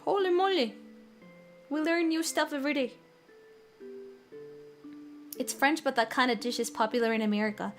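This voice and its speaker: Young female streamer, bright high register, loose chatty delivery that laughs a lot, soft music underneath. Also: moderate pace, pauses often. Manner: chatty, giggly, rambling with frequent laughs. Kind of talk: casual cooking stream chat.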